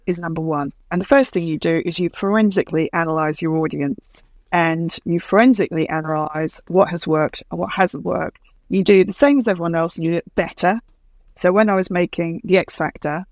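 A woman in her fifties with a fairly low voice and no echo, a television producer and speaker, talks in a conversational interview. She is emphatic and tells stories, acting out quoted dialogue.

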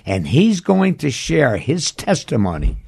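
Lively, gravelly-voiced male host. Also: medium pitch, a little slow, dry recording, studio quality. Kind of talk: podcast hosting.

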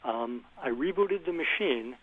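A man calling into a radio show, telling his computer problem step by step with many pauses and fillers. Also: a little high, animated, breathy edge. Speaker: caller. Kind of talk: call-in phone question. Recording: tinny phone line.

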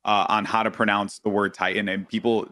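Man, New York accent, casual podcast chat, bright forceful tone, low-pitched, dry close sound. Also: brisk, dry recording. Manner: animated storyteller, jumps high when quoting people. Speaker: guest, esports and TV commentator.

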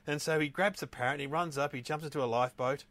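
A man's voice: on the high side, quick pace, fairly bright tone. A man co-hosting a casual chat, telling an old joke with frequent restarts and laughs.

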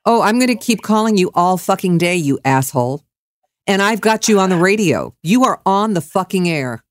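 A woman's voice: medium pitch, lively intonation, moderate pace. A woman radio host ranting on air, furious, mocking and swearing freely. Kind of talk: angry on-air rant.

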